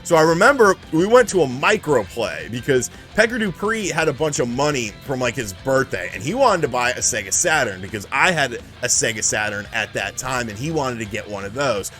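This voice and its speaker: A man casually telling a profane, animated story about retro video games, acting out the people in it. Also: mid-range voice, fairly quick, few pauses, soft background music. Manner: profane, animated, acts out the people in his stories. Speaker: channel host.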